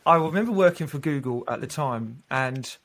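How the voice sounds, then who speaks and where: A male recruiter casually tells funny stories during an interview, animated and laughing, and he often restarts his sentences. His voice sits at a medium pitch and moves at a normal speed.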